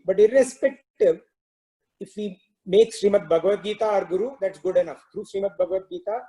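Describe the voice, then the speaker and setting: High, mellow-voiced man telling a spiritual parable. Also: poor audio. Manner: measured, reflective, uses frequent "you know". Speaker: spiritual speaker. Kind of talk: spiritual storytelling talk.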